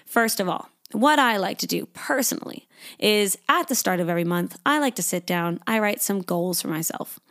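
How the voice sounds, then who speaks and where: A woman's voice: lively intonation, normal speed, a bit bright. Chatty young woman podcaster, swearing freely. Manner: chatty, swears freely, acts out inner voices with rising pitch. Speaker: podcast host. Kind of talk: casual solo podcast monologue.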